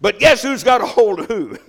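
A man's voice: sits high, animated, normal speed, vocal fry, a bit bright. An older man preaching a sermon as pastor, folksy and joking.

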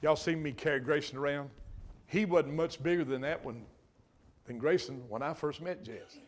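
A man's voice: on the high side, moderate pace. An older man preaching a sermon in a folksy, earnest way, often breaking off mid-sentence and repeating himself.

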